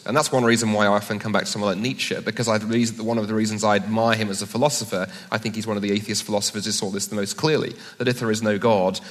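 A man with a bright, forceful voice argues at a live debate, animated and fond of jokes and quick asides. His voice rings with the long reverb of a large event hall. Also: on the low side. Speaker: debate speaker.

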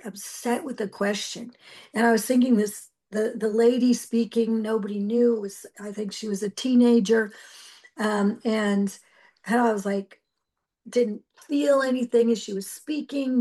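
A middle-aged woman preacher giving a personal testimony, telling her story earnestly and emotionally with halting restarts. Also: a little high, warm tone.

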